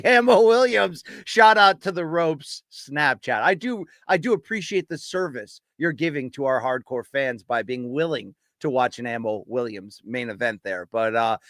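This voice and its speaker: A man hosting a casual podcast, giving opinionated takes and running quickly through names and rankings. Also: on the high side, fairly bright tone, no echo. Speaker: podcast host. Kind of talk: casual boxing podcast chat.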